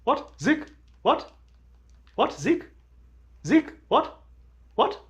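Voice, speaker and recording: A man's voice: very high voice, very animated, drawn-out words, voice pushed up, heavily acted. A man doing a mocking impression of a big, pushy male roommate who keeps calling out shrilly and demanding money. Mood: shrill, nagging.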